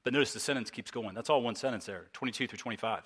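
A man's voice: medium pitch, racing, a bit bright, husky. A male pastor preaching an earnest, emphatic sermon, repeating his key points.

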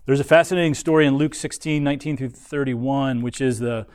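A man gives a Bible lesson at a middle pitch, explaining step by step and often restarting his phrases. The sound is dry and close, with no room echo. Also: a little fast, darkish tone, smooth. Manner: explanatory, frequent restarts and fillers. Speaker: Bible teacher.

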